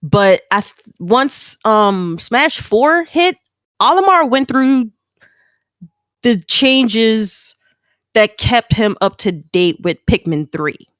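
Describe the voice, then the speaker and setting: A woman chatting on a podcast as a guest, telling a story with lively acted-out quotes. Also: takes it slowly, no room sound, studio quality. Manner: animated storyteller, acts out quotes in a high excited voice. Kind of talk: casual chat.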